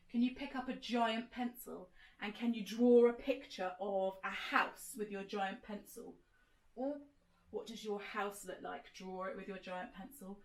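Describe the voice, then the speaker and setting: A woman telling an interactive children's sensory story, gently encouraging listeners to act it out. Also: medium pitch, roomy sound, rough recording. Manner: gentle, encouraging, directs listeners to move along.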